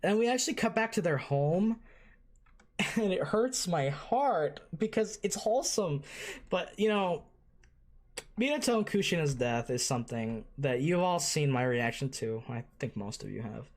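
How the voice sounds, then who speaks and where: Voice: mid-range voice, lively intonation, a little slow. Gushing, foul-mouthed anime reaction host. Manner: gushing, emotional, swears freely. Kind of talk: casual reaction commentary.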